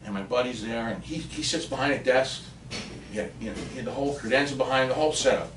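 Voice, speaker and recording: A man in his fifties from Pennsylvania spins a casual, animated story as a podcast guest and swears now and then. His voice sits at an ordinary middle pitch. The mic is some way off in a reverberant room. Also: quick pace, slight background noise. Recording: roomy and distant from the mic.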